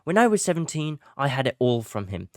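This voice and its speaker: A cheerful mock-British fellow, voiced by a man who lifts his pitch well above his usual and leans into a posh, upbeat lilt. The sound is clean and close, with no room around it. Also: big pitch swings, brisk, dry recording. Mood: reassuring. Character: friendly young man read in a British accent.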